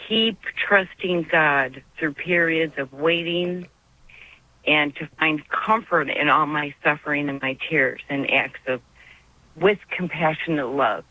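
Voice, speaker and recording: A woman's voice: low-pitched, slow, pushed and bright, no echo. A woman calling in to a radio show, talking in an earnest, heartfelt and rambling way. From Arizona. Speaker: caller. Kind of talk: call-in radio chat. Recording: dull phone-line call.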